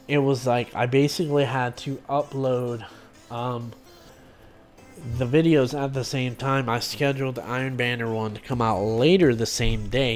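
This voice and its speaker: A man streaming and making game videos, talking in a rambling, loose way with many fillers and restarts. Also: medium pitch. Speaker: gaming YouTuber and streamer. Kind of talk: casual vlog talk to camera.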